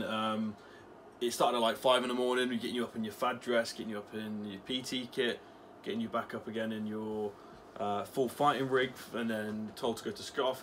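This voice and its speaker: A man's voice: mid-range voice, a bit bright, slight background noise. Casual sweary young man. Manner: casual, sweary, many fillers. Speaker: vlogger, ex-soldier. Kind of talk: casual commentary vlog.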